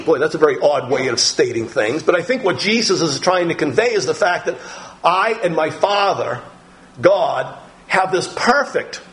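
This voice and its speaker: A pastor in middle age delivers a sermon that guides listeners through scripture, his pitch a little high and his tone a bit bright. He speaks slowly and with deliberation, pausing often and using small fillers, and the recording is rough.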